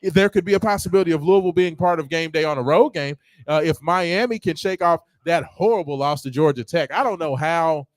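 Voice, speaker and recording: Sports host, high voice, dry close sound, chatty and excitable. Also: male voice, brisk, hardly any pauses, no echo. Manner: lively, excitable storyteller, animated impressions. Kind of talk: casual sports talk.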